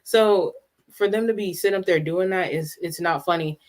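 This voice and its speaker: Brief: live-stream host, halting off-the-cuff chat, mid-pitched, talks straight to viewers in the chat. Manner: chatty, answers live viewers' comments; halting, many restarts and asides.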